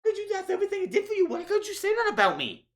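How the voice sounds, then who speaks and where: A man's voice: huge pitch swings, very fast, full character voice. A man voicing a wounded, pleading older male wrestling manager, protesting frantically. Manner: frantic, high-pitched protesting.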